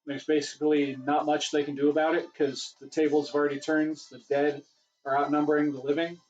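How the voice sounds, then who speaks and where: Slightly high-voiced man rambling on a livestream. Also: little pitch movement, a little fast, darkish tone, lo-fi sound. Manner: rambling, self-correcting, chatty. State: voice getting worn. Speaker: livestream host answering questions. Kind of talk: casual livestream Q&A.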